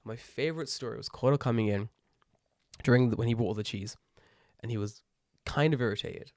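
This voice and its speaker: A young man, co-hosting a casual podcast, telling animated stories and swearing freely. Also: medium pitch, brisk, no echo, clean studio sound. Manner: lively storyteller, swears freely, impersonates friends. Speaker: podcast co-host.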